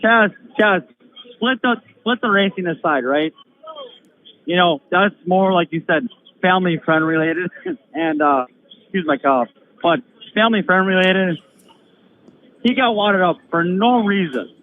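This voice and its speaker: A man calling in to a live stream, telling a heated story in a casual, animated way and swearing freely. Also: high-pitched, measured pace, long pauses. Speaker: guest caller. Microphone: phone call. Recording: tinny phone line with faint hiss.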